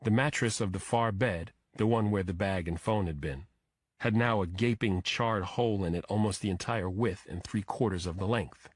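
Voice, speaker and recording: A man narrating a first-person crime thriller audiobook in a steady, measured way. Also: on the low side, no room sound, studio quality.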